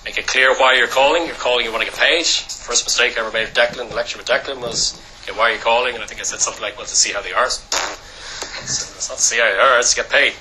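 A man giving a training lecture to a class. He talks loudly and briskly, checking in with "okay?" after nearly every point. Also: mid-range voice, a crowd in the background, poor audio. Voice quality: loud voice. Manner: brisk, peppers lines with "okay?".

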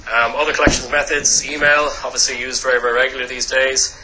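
A man giving a training lecture to a class. He talks loudly and briskly, checking in with "okay?" after nearly every point. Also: mid-range voice, little pitch movement, slight background noise, poor audio. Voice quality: loud voice. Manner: brisk, peppers lines with "okay?".

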